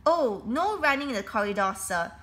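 A woman voicing a polite young schoolboy, apologetic and quick to say sorry. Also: animated, fairly bright tone. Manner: quick, apologetic, higher-pitched.

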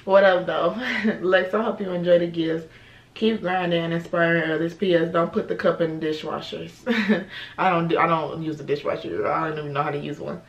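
A woman's voice: lowish voice, fairly even intonation, moderate pace, dull audio. A young woman chatting casually and bluntly in a vlog, swearing freely. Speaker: vlogger.

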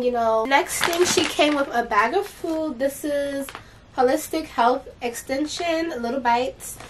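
A woman's voice: high voice, slight background noise. A teenage girl vlogging in a chatty, gushing way, often saying "like" and "you know". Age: late teens. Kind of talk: casual vlog chat.

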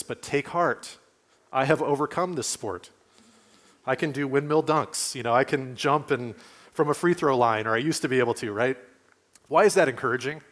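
A male pastor, giving a conversational sermon in a church and asking his listeners questions. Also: mid-range voice. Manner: conversational preaching, asks the congregation questions. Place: church sanctuary.

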